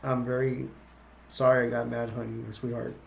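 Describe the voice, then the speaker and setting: A man reading out the lines of an upset middle-aged father in a plain, flat retelling voice. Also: medium pitch, moderate pace, gravelly, a little hiss or hum.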